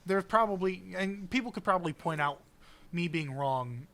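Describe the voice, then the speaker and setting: A man's voice: high-pitched, lively intonation, moderate pace, fairly bright tone. A man co-hosting a podcast, chatting casually and airing opinions in long, hedging rambles. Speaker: podcast co-host. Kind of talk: casual chat.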